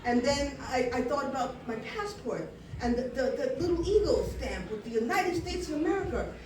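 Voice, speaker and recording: A woman, from Brooklyn, telling a story on stage in an animated, comic way full of fillers and restarts. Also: high-pitched, normal speed, a little hiss or hum. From Brooklyn, New York. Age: 40s. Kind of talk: live storytelling performance. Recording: roomy, distant live-room sound.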